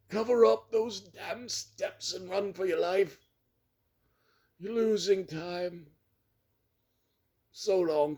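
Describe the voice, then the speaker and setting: A man's voice: on the high side, a little mellow, voice pushed up. A man voicing a desperate young man trapped underground, pleading and crying out in panic. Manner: frantic, pleading, breaking into shrieks.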